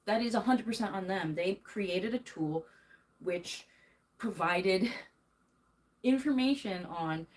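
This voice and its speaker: A woman's voice: mid-range voice, slow pace, long pauses, rough recording. Heated young woman ranting on stream. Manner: heated, emphatic, venting with nervous laughs. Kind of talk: angry ranting livestream chat. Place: her bedroom, doing laundry.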